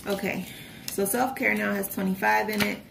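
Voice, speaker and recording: A young woman chatting casually while budgeting, telling a story with lively retold reactions. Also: mid-range voice, moderate pace, gravelly, noisy background. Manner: chatty storytelling, animated retellings. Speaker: vlogger.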